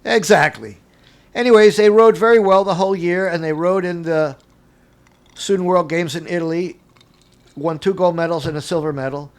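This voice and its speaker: An older man, a guest on an interview show, telling animated anecdotes from his career and acting out the dialogue with frequent chuckles. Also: high voice, moderate pace. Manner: acts out dialogue in quotes. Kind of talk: casual storytelling interview.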